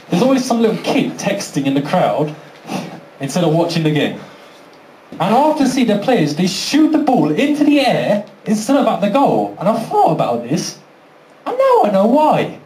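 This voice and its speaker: A man's voice: high-pitched, a little mellow. A man doing a stand-up comedy set, brash and sweary, acting out little voices for his jokes. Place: comedy venue with live audience. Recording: roomy venue, faint background noise.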